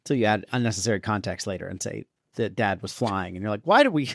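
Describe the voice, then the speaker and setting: A man's voice: lowish voice, steady tone, fast talker, gravelly. A male podcast co-host in casual movie-review chat, joking wryly and laughing often.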